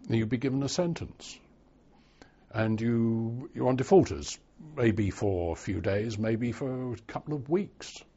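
An older man recalling his past in an oral history interview, telling it in a slow, wry storytelling way. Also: medium pitch, mellow, breathy edge, muffled recording.

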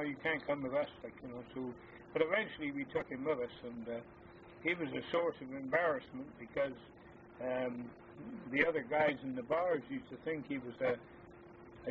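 An older man, an army veteran, recalling his service days in a halting, hesitant way full of fillers. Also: medium pitch. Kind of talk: oral history reminiscence. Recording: tinny phone-like lo-fi with faint hiss.

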